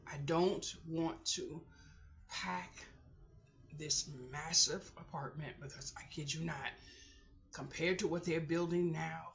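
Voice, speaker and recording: A middle-aged woman keeping a personal video diary, talking to herself in a halting voice that often sinks to a whisper while she holds back tears. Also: sits low, fairly bright tone, dull audio. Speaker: vlogger.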